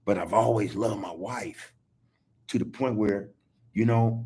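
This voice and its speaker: Speaking unhurriedly in a lowish voice with a breathy edge, a middle-aged podcast host talks over a video call. The conversation is casual and heartfelt, in a loose, repetitive street manner peppered constantly with "man."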